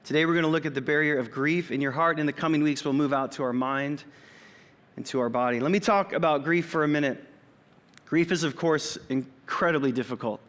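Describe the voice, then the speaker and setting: A man's voice: fairly high pitch, a little fast, fairly bright tone. Man in his forties preaching in a reverberant hall. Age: 40s. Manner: conversational with personal asides. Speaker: pastor. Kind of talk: sermon. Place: church auditorium. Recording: long reverb of a church hall.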